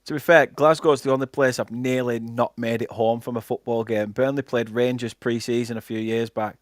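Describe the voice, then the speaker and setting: A young English host with a Lancashire accent provides casual live commentary during a fan channel football watchalong. He chats, calls the play and reads out viewer comments between moments of action. His medium-pitched voice is steady and moderately paced, with clean, echo-free studio sound.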